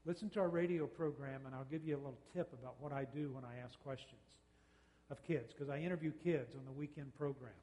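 A man giving a talk on parenting, folksy and conversational, acting out quick exchanges with kids. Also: medium pitch, mellow, long reverb tail. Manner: folksy, uses quoted dialogue and quick mock exchanges. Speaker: speaker on parenting, radio host and counselor.

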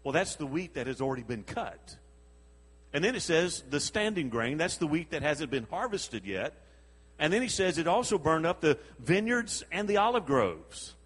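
Husky preacher in a reverberant hall. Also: male voice, on the high side, normal speed. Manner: animated storytelling with chuckles and acted-out quotes. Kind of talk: sermon.

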